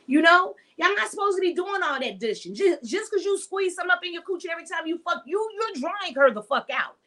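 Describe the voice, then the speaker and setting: Middle-aged woman, podcast host, blunt and profane, with a high, bright voice. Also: very animated, brisk. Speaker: podcast host and sex educator. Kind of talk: unscripted monologue podcast.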